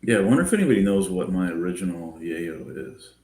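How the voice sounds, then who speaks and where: A man calling in as a guest to a livestream, talking in a relaxed, hesitant way with many fillers. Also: sits low, quick pace, roomy sound. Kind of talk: casual livestream chat. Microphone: remote call.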